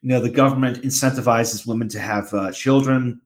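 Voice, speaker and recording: Male podcast host, mid-pitched voice. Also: steady tone, fairly quick. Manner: rambling announcements with many fillers and restarts. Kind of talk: casual podcast talk.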